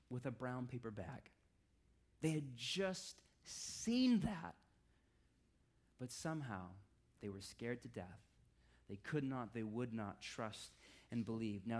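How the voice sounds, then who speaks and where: A pastor preaches a sermon conversationally, tossing in wry asides and often dropping his voice low for emphasis.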